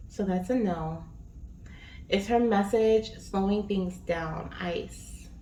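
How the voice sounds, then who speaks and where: A woman's voice: mid-range voice, slow pace, mellow. A woman giving a casual spiritual reading, chatty and rambling with many fillers. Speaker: spiritual reader. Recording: echoey room, distant mic, faint noise.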